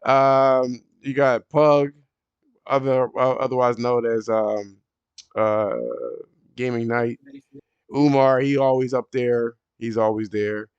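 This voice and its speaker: A man hosting a casual podcast, telling stories in an animated, profane way and jumping high when he quotes people. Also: slow pace, clean tone, dry recording, dull audio. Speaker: podcast host.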